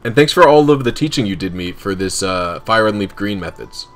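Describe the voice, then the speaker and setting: Man, casual stream storytelling, rambling, self-correcting, fairly low voice. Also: animated, brisk.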